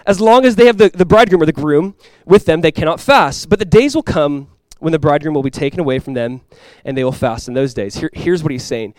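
A young male pastor preaches quickly in a slightly high voice. He speaks casually with lots of "like," dropping to quiet, earnest lows and rising to loud, excited highs. The sound is dry and close to the mic. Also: dry recording. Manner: casual and conversational, with many "like" fillers. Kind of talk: sermon.

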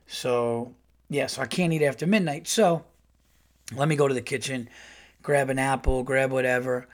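A man's voice: mid-range voice, steady tone, normal speed. Rambling, profane middle-aged man telling a story. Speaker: podcast host. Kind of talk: casual storytelling.

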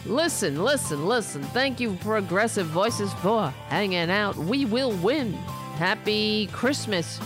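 A woman's voice: medium pitch, expressive, slow pace, hardly any pauses, over music. A woman hosting a political commentary podcast, talking in a sarcastic, mocking way. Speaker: podcast host.

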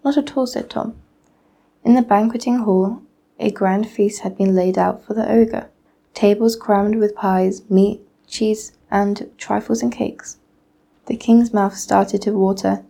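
A teenage girl, a student, reading a classic fairy tale aloud in a steady, measured way. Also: medium pitch, vocal fry. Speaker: student reader. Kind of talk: storybook reading.

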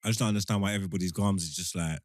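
A man's voice: sits low, rapid-fire, dry recording, clean studio sound. A young man, co-hosting a podcast in casual banter, pressing his point with repeated phrases and slang. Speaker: podcast co-host.

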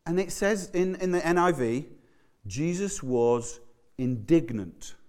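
Slow and on the high side, this pastor's sermon is animated and conversational in tone. As he tells the story, he keeps stammering and starting words over.

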